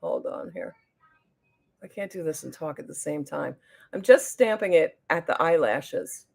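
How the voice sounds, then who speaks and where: A woman with a New Jersey accent talks casually through a get-ready-with-me livestream, reading viewer comments aloud. Her voice sits low and has a gravelly, fried edge. She often loses her thread mid-sentence while she works on her makeup. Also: lively intonation, measured pace, a little mellow. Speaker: beauty livestream host.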